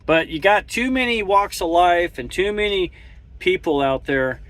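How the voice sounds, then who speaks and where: A man's voice: sits high, animated, measured pace, a bit bright, no room sound. A man who drives a truck talks casually from his cab, rambling with many restarts and chuckles. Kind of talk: casual monologue while driving.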